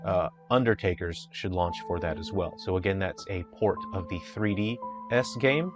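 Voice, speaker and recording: A man who develops indie games, giving an earnest, unhurried, plain-spoken video update. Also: sits low, over music.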